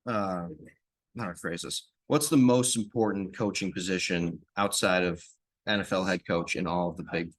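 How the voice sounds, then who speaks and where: Young male athlete guest, lowish voice, relaxed and halting, dry close sound. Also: dry recording. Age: young adult. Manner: relaxed, hesitant fillers. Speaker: college football tight end, guest. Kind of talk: casual interview answers.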